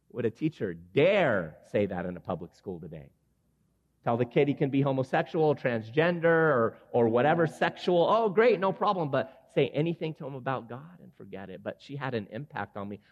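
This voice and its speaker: A man in his forties preaching an earnest sermon to men, rising at times to loud, emphatic passages. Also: mid-range voice, animated, moderate pace. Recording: dull sound with long hall reverb.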